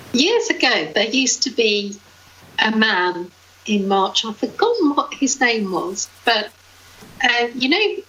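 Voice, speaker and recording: A woman's voice: mid-range voice, fairly bright tone, highs cut off. A woman co-hosting a local podcast in casual chat, a chatty storyteller who laughs easily. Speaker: podcast co-host.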